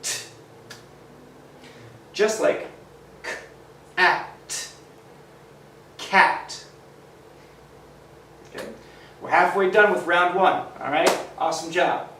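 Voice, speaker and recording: A man teaches phonics to young children, carefully sounding out each letter and praising the class. He speaks slowly in a slightly high voice. The recording is roomy and echoey, with the mic set some distance away. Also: fairly bright tone, a little hiss or hum. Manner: slow, sounds out letters, encouraging.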